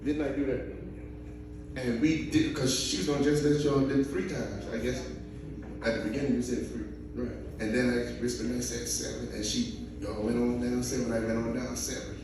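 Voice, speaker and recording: A man preaching a sermon, talking straight to his congregation with animated emphasis. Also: medium pitch, normal speed, background noise. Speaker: pastor. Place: church sanctuary. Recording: echoey church hall, mic at a distance, music behind.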